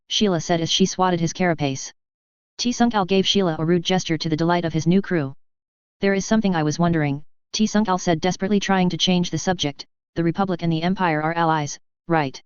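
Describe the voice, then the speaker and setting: A woman narrates a science-fiction tale in a low, very clear voice. The sound is dry and slightly dull. She reads the dialogue with light character voicing. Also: brisk, dry recording. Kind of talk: audiobook reading of sci-fi fiction.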